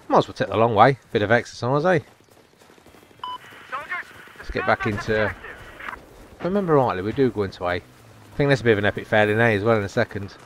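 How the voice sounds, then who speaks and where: A man's voice: mid-range voice, slight background noise. A man giving jokey, chatty, self-mocking commentary over a video game. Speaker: gameplay commentator. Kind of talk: casual gameplay commentary.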